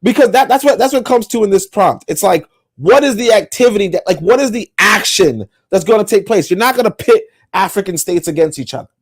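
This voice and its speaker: A man hosting a podcast livestream, his voice sitting a little high for a man. He rambles and circles back, packs his talk with fillers and curses, and sounds plainly exasperated. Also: lively intonation, a little fast, husky. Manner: exasperated, rambling, swears often, heavy fillers. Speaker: podcast host. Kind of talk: livestream monologue.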